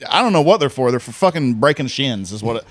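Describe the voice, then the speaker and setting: A young man telling profane stories in a deadpan way as a podcast co-host. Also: medium pitch, fast, no echo. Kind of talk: casual chat.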